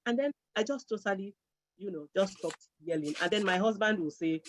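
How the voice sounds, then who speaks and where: A woman's voice: medium pitch, fairly quick, a little hiss or hum. A middle-aged woman talking earnestly in a casual chat, repeating key phrases for emphasis. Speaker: guest speaker. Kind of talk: casual conversational advice. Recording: dull lo-fi sound.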